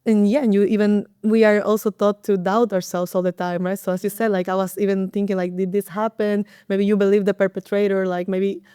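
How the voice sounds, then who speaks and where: Smooth-voiced woman therapist explaining. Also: mid-range voice, level tone, fairly quick, hardly any pauses, dark tone, no room sound, studio quality. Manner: thoughtful, hesitant, with fillers and restarts. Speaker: sex and couples therapist. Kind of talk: explanatory podcast talk.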